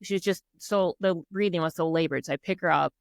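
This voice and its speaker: A woman's voice: fairly low pitch, quick pace, creaky, dry recording, studio quality. A middle-aged woman from Minnesota, a podcast guest, telling a personal story in earnest, acting out what people said and using many fillers such as "like" and "um". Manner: earnest, animated retelling that acts out quoted dialogue.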